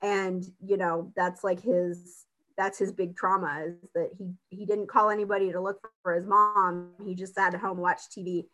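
A woman's voice: on the low side, flat delivery, normal speed, fairly bright tone. A woman in casual chat, animatedly retelling a film scene and acting out the characters' lines.

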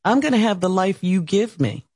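A woman in her sixties, a radio co-host, telling a story in an animated way and acting out the quotes. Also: medium pitch, normal speed, husky, no room sound, clean studio sound. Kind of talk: candid talk-show conversation.

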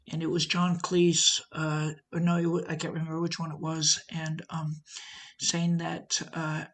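A middle-aged woman from the United States talking casually to a group, telling personal stories with lots of fillers and asides. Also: lowish voice. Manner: animated storytelling, many fillers and asides. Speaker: guest speaker. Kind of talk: casual talk to an audience.

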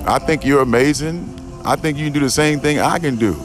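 Out in a garden, this podcast host rambles through a spiritual monologue in a slightly high voice at a brisk clip, with soft music in the background. He swears, speaks emphatically, and keeps restarting and repeating himself.

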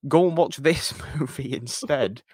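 A man's voice: medium pitch, measured pace, darkish tone, slightly rough, no room sound, studio quality. A British man co-hosting a podcast, chatting casually in a playful, mock-offended way. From Britain. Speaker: podcast co-host. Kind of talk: casual chat.

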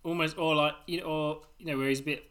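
A woman's voice: low-pitched, steady tone, fairly bright tone. A woman guest in a casual chat, teasing and joking about the story. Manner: teasing, quick jokes. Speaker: podcast guest.

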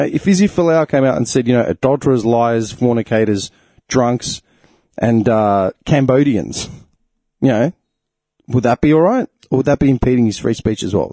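A young Australian man on a podcast, ranting with blunt, profane indignation. His voice is dark and a little husky, and it sounds dry and close to the mic, with little room sound. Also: medium pitch, no room sound. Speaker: podcast host. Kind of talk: casual opinion rant.

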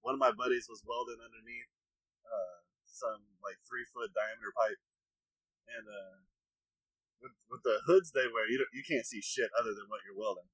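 A man's voice: medium pitch, moderate pace, fairly bright tone, husky, no room sound, low-quality recording. A man telling a crude story from his old pipeline job in a casual chat, laughing along. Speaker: podcast co-host.

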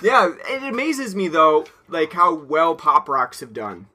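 Bright-voiced laid-back man chatting. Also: on the high side, very animated, a little slow. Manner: laid-back, laughs often, trails off with fillers. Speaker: podcast co-host. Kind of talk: casual chat.

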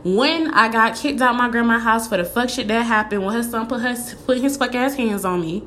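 A woman's voice: a little high, fairly quick, fairly bright tone, a little hiss or hum. A young woman telling her own story in a candid vlog monologue, blunt and profane, driving her points home with repetition. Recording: echoey room with faint ambience.

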